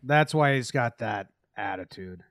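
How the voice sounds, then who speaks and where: A man's voice: mid-range voice, measured pace, dry recording, studio quality. A man co-hosting a casual sports podcast, joking around and sometimes dropping to a mumble. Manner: jokey, animated, drops to mumbles. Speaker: podcast co-host.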